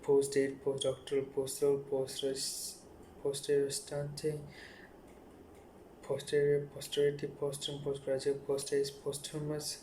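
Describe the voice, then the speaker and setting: Flat-voiced man reading word lists. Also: mid-range voice, slight background noise. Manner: rapid monotone word list. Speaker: youtuber. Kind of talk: reading dictionary words aloud.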